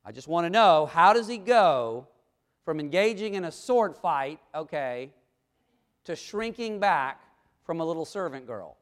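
A man's voice: fairly high pitch, expressive, a little slow. A man preaching a sermon, asking the congregation questions and reading scripture aloud. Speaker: pastor.

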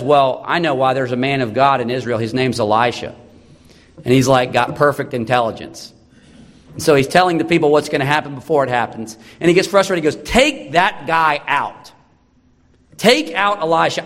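A man's voice: mid-range voice, in a large hall. A man preaching a sermon as pastor, earnest and encouraging, repeating key phrases for emphasis.

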